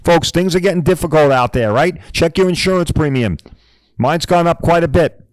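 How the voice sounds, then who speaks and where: A man's voice: a little high, moderate pace, no echo, low-quality recording. A middle-aged man hosting a podcast, ranting bluntly and profanely and hammering his points home with repeated "all right?"s. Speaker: podcast host.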